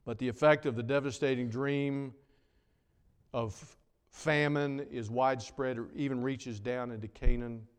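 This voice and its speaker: A man preaching a sermon, swinging between loud emphatic lines and hushed, drawn-out words. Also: medium pitch, steady tone, clean tone. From North Carolina. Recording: long reverb of a large hall.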